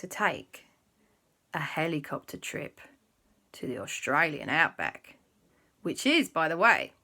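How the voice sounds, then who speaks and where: A woman's voice: low-pitched, very animated, takes it slowly, pushed and bright. A woman with a playful, chatty manner, making up and telling a story for children. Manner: playful, chatty, jumps into silly voices. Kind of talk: improvised story narration for children.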